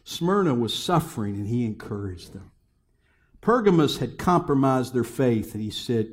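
A middle-aged male pastor preaching a sermon, firing rhetorical questions at the congregation and swinging between loud exhortation and soft, hushed passages. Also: medium pitch, lively intonation, normal speed.

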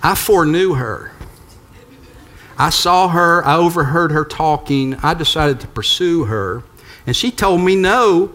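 An older male pastor delivers a sermon in a conversational, storytelling way, slipping in light humor. His voice sits somewhat high for a man. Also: expressive, measured pace, a bit bright.

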